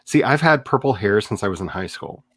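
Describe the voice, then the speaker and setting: A middle-aged man hosting a writing livestream, chatty and animated, with quick laughs and dramatic asides. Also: on the low side. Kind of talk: casual livestream chat.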